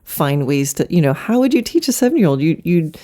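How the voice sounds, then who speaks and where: Middle-aged female host for a solo horse-training talk, chatty and upbeat, low mellow voice. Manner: chatty, animated, slips into quick mock demos. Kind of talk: solo podcast monologue.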